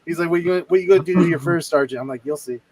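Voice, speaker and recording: Speaking very fast in a fairly high voice, an army veteran co-hosting a livestream chats through his army anecdotes. He's profane and animated, doing voices for the people he quotes, and the recording is rough.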